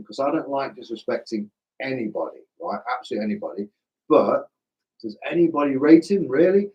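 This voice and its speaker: A middle-aged man with a slightly hoarse voice, hosting a live stream in a casual, self-deprecating way and chatting with viewers like old mates. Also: medium pitch, a little mellow, rough recording. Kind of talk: casual live chat reading viewer comments.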